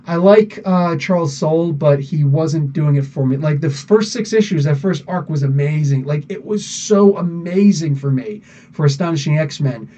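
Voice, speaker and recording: A man's voice: fairly high pitch, moderate pace, warm tone, far from the mic, muffled recording. A man hosting a live podcast, chatting loosely, laughing often and using many fillers. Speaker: podcast host answering live chat. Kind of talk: casual live-stream chat.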